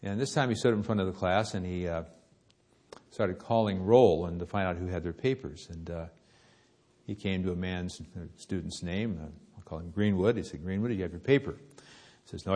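A man preaching a sermon, telling a story with lively rises and hushed drops. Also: sits low.

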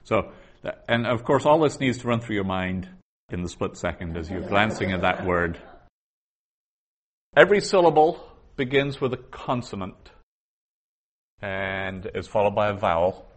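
A man's voice: fairly low pitch, animated, measured pace. A man teaching a Hebrew grammar lesson, explaining patiently and methodically, often restarting his sentences.

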